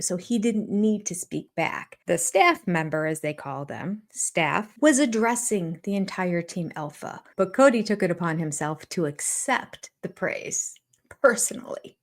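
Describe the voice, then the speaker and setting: An older woman giving sarcastic, amused reaction commentary on a reality show, often laughing. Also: mid-range voice. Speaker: YouTube commentator.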